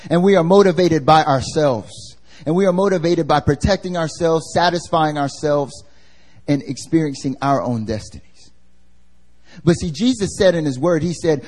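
Brief: male preacher, somewhat high voice with a mellow tone, conversational sermon, quizzes the listeners. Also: normal speed. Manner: casual and slangy, asks the congregation questions. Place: church service.

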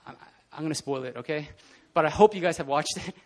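A man preaching a casual, animated sermon in a church, often laughing and acting out scenes. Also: a little high, fast. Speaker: pastor. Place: church hall.

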